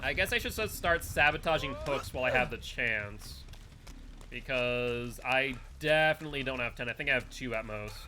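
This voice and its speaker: A man's voice: medium pitch, bright, forceful tone, slight background noise. A man giving casual running commentary while playing a game live and chatting with viewers and teammates. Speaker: streamer.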